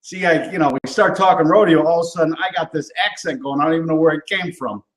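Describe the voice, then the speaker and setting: Talking fast in a slightly high voice, the cooking show host keeps up a rambling, cheerful on-camera chat loaded with fillers and asides. The recording has a roomy echo.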